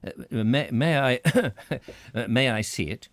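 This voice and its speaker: A man voicing a pompous, self-satisfied male spirit medium who hesitates and stammers, then speaks slowly and grandly. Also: mid-range voice, animated, dry recording. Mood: flustered.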